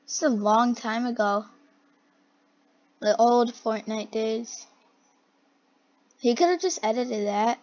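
A young person giggling and gasping while reacting to game clips in a try-not-to-laugh challenge. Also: female voice, on the high side, slow, long pauses, a little mellow, dull audio. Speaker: video reactor.

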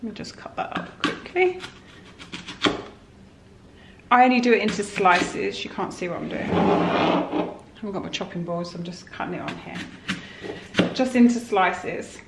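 Speaking at normal speed in a mid-range voice, a woman chats casually in her home kitchen for her homely, rambling vlog. The recording has an echoey kitchen sound with clear background noise.

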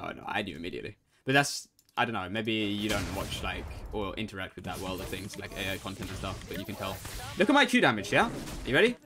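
Foul-mouthed young man calling his game. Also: a little hiss or hum. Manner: swears freely, jumps between chat and play-by-play; bursts into excited high outbursts. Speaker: gamer streaming ranked play. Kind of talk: casual gameplay commentary.

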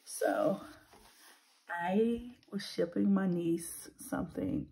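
A woman in her thirties with a very husky, breathy voice and a gravelly edge. She talks in a soft, chatty vlog style and often drops to a whisper while counting bills. Her tone is dark and mellow. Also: lowish voice, very animated, takes it slowly, rough recording. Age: 30s. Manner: chatty, vents in a rambling way. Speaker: budgeting vlogger. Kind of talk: casual vlog chat.

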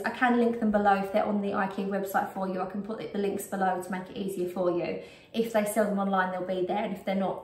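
A British woman vlogging a casual shopping haul at home, chatty and rambling with frequent ums, a bit out of breath. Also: medium pitch. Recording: roomy echo, distant mic.

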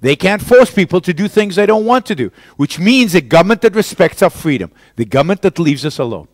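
A man's voice: sits high, lively intonation, brisk, no echo. A man giving a public lecture and answering questions, arguing emphatically with rhetorical questions. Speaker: guest lecturer.

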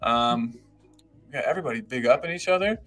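A man's voice: mid-range voice, animated, fast talker, fairly bright tone, soft background music. A man co-hosting a live podcast stream, upbeat and reading out viewer comments and greeting people by name. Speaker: podcast co-host.

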